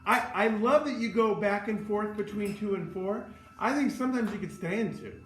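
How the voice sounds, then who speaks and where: A man's voice: sits high, normal speed. A man teaching choral conducting, giving feedback and singing short phrases to demonstrate. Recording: roomy hall, from a distance, with music.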